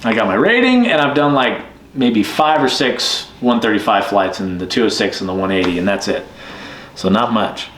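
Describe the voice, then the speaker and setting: With a fairly low voice and steady, moderate delivery, the man, a bush pilot, tells a story casually and voices the dialogue with gusto. The space sounds roomy and echoey, with a slight hiss or hum.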